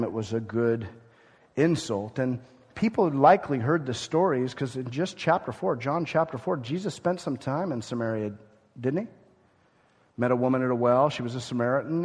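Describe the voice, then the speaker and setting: A man preaching a Bible sermon, animated and conversational, often acting out the people he quotes. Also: medium pitch, breathy edge, big-room sound. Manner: animated, acts out quoted speakers.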